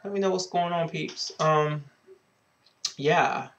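Man, advice vlogger, sassy, outspoken, slow-talking, webcam mic. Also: a little high, fairly bright tone, muffled recording. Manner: sassy and outspoken, swears freely; repeats a drawn-out greeting catchphrase. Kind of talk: casual advice vlog.

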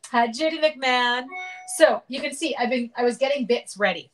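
A woman's voice: high-pitched, normal speed, faint music behind, rough recording. A middle-aged woman casually demonstrating card making on a live stream, chatting and greeting viewers by name as she works.

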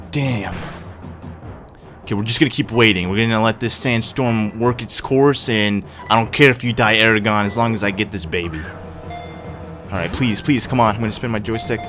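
A young man giving casual, excitable gameplay commentary, swearing and reacting loudly. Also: fairly low pitch. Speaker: let's play gamer. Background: game music.

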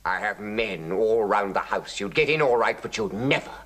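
A smug, blustering captain. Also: male voice, on the low side, animated, normal speed, a bit bright. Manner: pompous, bossy, smug. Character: blustering, self-satisfied army captain, man.

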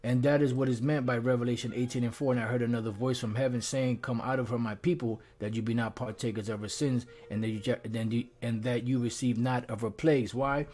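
A man's voice: mid-range voice, steady tone, fast, few pauses, darkish tone. A man leading an informal live scripture lesson, reading verses aloud and talking loosely with lots of "you know" and "um", pushing his points with emphasis. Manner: turns emphatic and preachy when driving points home.

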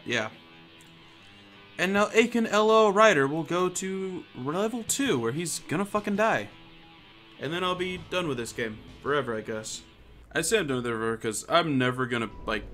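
A man's voice: medium pitch, sharp tone. A man giving casual gameplay commentary, joking, swearing and muttering to himself as he plays. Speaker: gamer.

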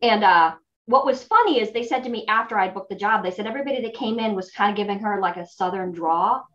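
A woman voice actor guest in a casual chat, friendly and quick to laugh. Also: medium pitch, highs cut off.

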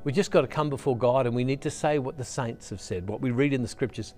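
A man's voice: medium pitch, fast, darkish tone, soft background music. A middle-aged man gives an earnest, conversational Catholic devotional talk, repeating phrases for emphasis. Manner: earnest, conversational, repeats words when stressing a point. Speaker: Catholic speaker.

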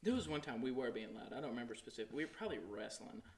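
A man's voice: medium pitch, very fast. A young man telling stories in casual podcast chat with friends. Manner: animated storyteller. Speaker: podcast co-host.

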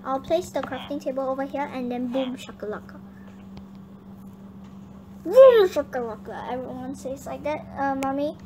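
A young girl hosting her gaming channel, chatting excitably and bossing her teammate around. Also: sits high, a little fast, few pauses. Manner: excitable, chatty, bossy toward her partner. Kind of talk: casual gameplay chat. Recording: noisy home recording.

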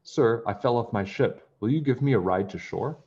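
A man voicing a big, scruffy but polite male pirate in a storybook, quick and eager. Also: medium pitch, dark tone, muffled recording, pitched above the performer's own voice, lightly acted. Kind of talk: storybook character voice.

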